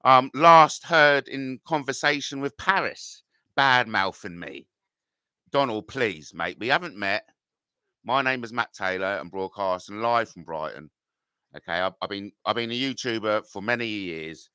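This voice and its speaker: A man's voice: fairly low pitch, animated, a little slow, sharp tone, clear, resonant tone, no room sound, studio quality. A middle-aged man, live-streaming and reading out chat comments in a combative, rambling way full of swearing.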